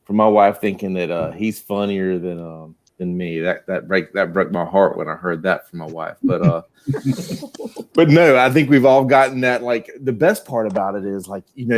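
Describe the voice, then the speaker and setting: Low-voiced Southern man with a slow drawl. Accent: Southern American. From United States. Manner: slow and easy drawl, laughs a lot. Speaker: guest. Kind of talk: casual chat.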